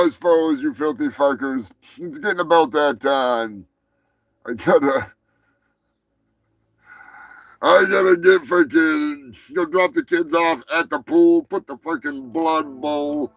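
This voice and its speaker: A man hosting a live stream, rambling and swearing casually while high. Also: a bit bright, no echo, low-quality recording. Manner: rambling, profane, laid-back. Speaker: host.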